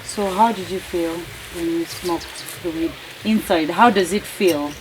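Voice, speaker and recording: Man, interviewer, fairly high voice, soft short questions, faint background noise. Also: a little slow, rough recording.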